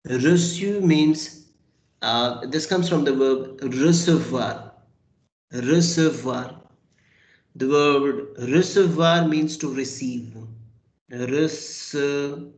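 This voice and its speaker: A man's voice: a little high, very slow. A man teaching a French class, patiently repeating and spelling out words. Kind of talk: online language class. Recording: roomy echo.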